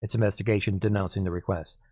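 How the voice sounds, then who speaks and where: A hoarse man hosting a political commentary monologue, emphatic, repeatedly clearing his throat and calling out to listeners as "people". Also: deep voice, fairly even intonation, fast talker, darkish tone, no echo. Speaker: host.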